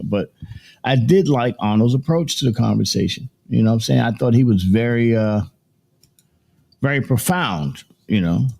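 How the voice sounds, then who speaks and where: A husky-voiced man hosts a morning livestream, talking loosely into a desk mic. He rambles, circles back and repeats phrases as he works through his thoughts. His pitch sits in an ordinary middle range. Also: lively intonation, normal speed, darkish tone. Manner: rambling, repeats himself, laughs between points. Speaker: morning show host. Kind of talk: casual livestream commentary.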